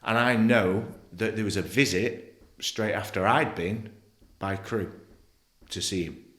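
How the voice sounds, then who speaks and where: A middle-aged Englishman, a former footballer appearing as a podcast guest, tells his personal story bluntly and emotionally, swearing freely. His voice sits on the low side, a little slow, with a fairly bright tone. The podcast studio sounds echoey.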